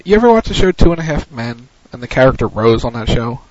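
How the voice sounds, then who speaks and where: A man's voice: medium pitch, sing-song, fast talker, darkish tone, dry recording, highs cut off. A man hosting a casual podcast, playful and stammering as he talks. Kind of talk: casual chat.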